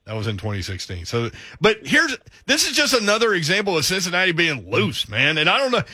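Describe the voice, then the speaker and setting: A man's voice: high-pitched, huge pitch swings, fairly quick, bright, forceful tone, dry recording, studio quality. A man hosting a sports radio show, leading the conversation in a casual way. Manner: conversational, leads the segments.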